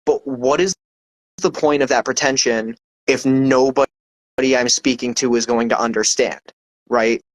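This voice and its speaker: A man's voice: mid-range voice, fairly even intonation, measured pace, no room sound, low-quality recording. A man, a poet guest, explaining his craft in casual interview chat, confident and emphatic, often checking in with "right?".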